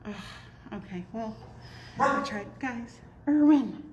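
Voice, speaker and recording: A woman's voice: fairly high pitch, slow, muffled recording, a little hiss or hum. A woman walking through an animal shelter, introducing adoptable dogs and cooing at them in baby talk. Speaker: animal shelter staff giving a walkthrough. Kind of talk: casual walkthrough talking to dogs and viewers. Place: echoey animal shelter kennel with barking dogs. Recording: echoey kennel, loud barking behind.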